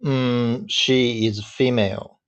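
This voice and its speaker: A man in his thirties, a native Chinese speaker, answering in hesitant, halting English on a video call. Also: mid-range voice, steady tone, smooth. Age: 30s. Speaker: guest. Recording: dull lo-fi call audio.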